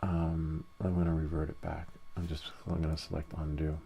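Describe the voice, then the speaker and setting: A very deep, gravelly male voice at a moderate pace narrates a laid-back 3D printing screen-share tutorial. He thinks aloud through every step as he works, and a little hiss or hum sits under the audio.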